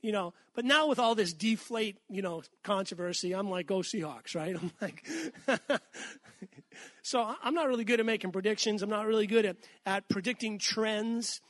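A middle-aged man from Massachusetts preaching a conversational sermon, asking the congregation questions and slowing down when he reads scripture. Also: sits high, fairly bright tone, no echo, clean studio sound. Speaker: pastor.

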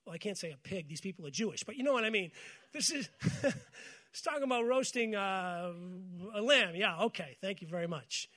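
High-pitched guy pastor preaching, gets the crowd to repeat stuff back, jokes around between scripture bits. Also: animated, normal speed, bright, forceful tone. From United States. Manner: call-and-response with congregation, storytelling with humor. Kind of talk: sermon.

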